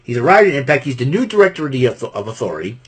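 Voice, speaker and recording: A man's voice: medium pitch, fast talker, husky. A man from Massachusetts hosting a show and recapping a wrestling event in a casual, rambling way, often laughing. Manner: animated, laughing, rambling with restarts. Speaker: podcast host.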